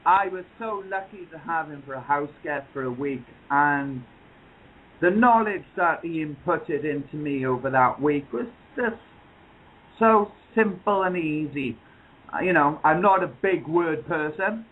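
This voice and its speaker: A man with a Welsh accent, chatting warmly as a caller on a group call. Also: fairly high pitch. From Wales. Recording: tinny call line with faint noise.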